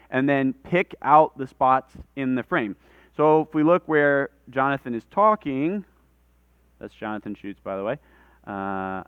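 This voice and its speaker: A man's voice: a little high, clean tone, no echo, dull audio. A man leading a live workshop, explaining things in a conversational way and talking with his hands. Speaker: workshop presenter. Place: conference room with audience.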